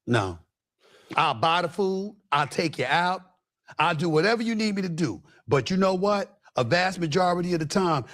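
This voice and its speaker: A man's voice: on the high side, fairly bright tone. A man on a talk panel, speaking emphatically and in a casual way, often repeating words for effect.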